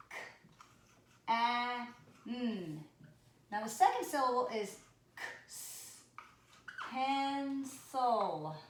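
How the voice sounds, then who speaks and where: A woman teacher giving a recorded spelling lesson, playful and teasing, sounding words out slowly. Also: a little high, reverberant.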